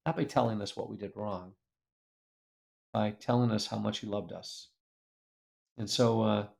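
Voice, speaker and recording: Guy with a gravelly voice telling a family story, acts out the people in it, earnest. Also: fairly low pitch. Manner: animated storyteller who acts out the people in his tale; earnest and reflective. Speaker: guest speaker. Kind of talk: personal storytelling in a faith-based interview.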